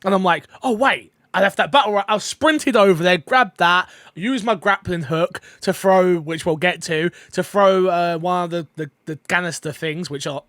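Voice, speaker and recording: Rambling, excitable man on a podcast. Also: sits high, moderate pace, few pauses, dry recording, studio quality. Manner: rambling, excitable, many fillers. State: eating while talking. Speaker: podcast co-host. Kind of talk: casual podcast chat.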